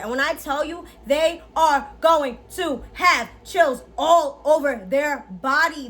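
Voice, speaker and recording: High-voiced, lively young woman vlogger. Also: a little hiss or hum. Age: 20s. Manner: animated, slangy, chatty, laughs often. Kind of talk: casual tutorial chat.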